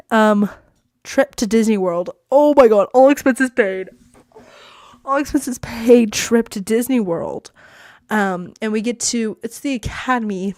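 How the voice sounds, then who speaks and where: Teen girl podcast host, medium pitch, bubbly and chatty, dry sound. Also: darkish tone, no echo. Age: teens. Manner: bubbly, chatty, says "like" a lot. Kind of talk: casual storytelling. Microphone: podcast mic that cuts out.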